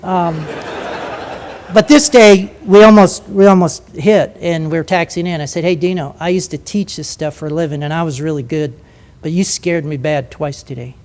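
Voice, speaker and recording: A man's voice: fairly high pitch, steady tone, moderate pace, a little mellow. An older man giving a storytelling talk, anecdotal and joking, acting out quoted voices in his stories. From United States. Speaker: speaker at a lecture.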